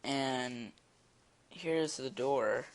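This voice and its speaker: A teenage boy telling a story in a casual vlog, rambling and excitable, with many fillers. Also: medium pitch, drawn-out words. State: eating while talking. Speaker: vlogger. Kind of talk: casual storytelling while drawing.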